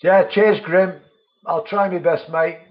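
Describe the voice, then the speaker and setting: A man's voice: high-pitched, fairly even intonation, takes it slowly. Chatty man on a dull live stream. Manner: chatty, friendly, calls viewers mate. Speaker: vaping channel host. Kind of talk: live-stream chat reading viewer comments.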